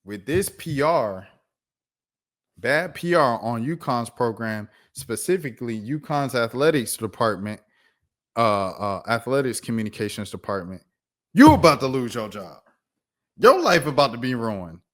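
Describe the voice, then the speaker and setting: A man hosts a casual sports commentary show. He reads quotes in an even, low voice, then jumps up in pitch and volume to rant with heat. His voice is mid-pitched and conversational. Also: measured pace. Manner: animated, reads quotes flatly then rants loudly.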